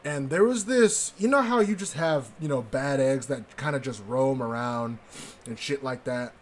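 A man in his twenties casually tells a story from his childhood, swearing often and laughing as he goes in an animated, profane way. His mid-range voice moves at a moderate pace, and there's a slight hiss or hum on the recording.

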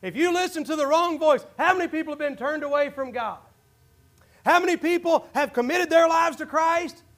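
A man preaching a sermon as pastor, swinging between impassioned shouts and hushed low asides to his congregation in a church. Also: normal speed. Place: church sanctuary.

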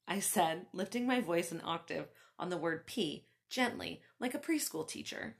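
A woman who hosts a podcast, reading her own story aloud with animated, laughing asides to her listeners. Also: on the low side, moderate pace, creaky, few pauses. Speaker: author and podcast host.

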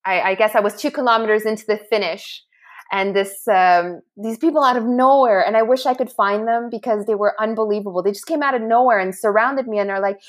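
A woman's voice: medium pitch, brisk. A middle-aged woman, a guest in an interview, telling a story animatedly and often restarting her sentences. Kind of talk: casual interview talk.

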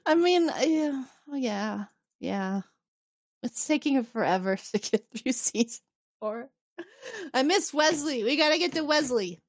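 A woman co-hosting a podcast, retelling an episode in a casual, animated way and acting out the quotes. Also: sits high, a little slow, no echo, clean studio sound. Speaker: podcast co-host. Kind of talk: casual recap chat.

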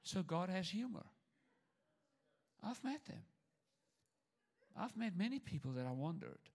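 A man's voice: fairly high pitch, normal speed, creaky, long pauses. Older guy pastor, sermon, voice swings way up and down, joking, repeats himself. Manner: lively, humorous preaching with repetition and stammered restarts.

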